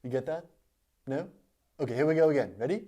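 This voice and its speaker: A man with a mellow, warm voice delivers a comedic spiritual talk. He speaks in a mock-solemn, earnest tone, leaning into drawn-out pauses as if sharing deep wisdom. His pitch sits at an ordinary middle range.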